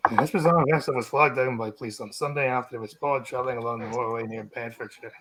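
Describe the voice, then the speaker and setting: A man's voice: mid-range voice, steady tone, quick pace, fairly bright tone, slight background noise, low-quality recording. A man with a Scottish accent, streaming casually and reading news stories aloud, swearing often and stumbling over the words. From Scotland.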